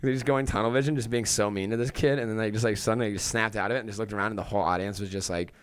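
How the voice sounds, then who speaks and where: A man talking quickly in a casual podcast chat, his voice smooth and clear. He tells crude stories from the comedy stage and laughs through them. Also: on the low side, steady tone. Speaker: stand-up comedian.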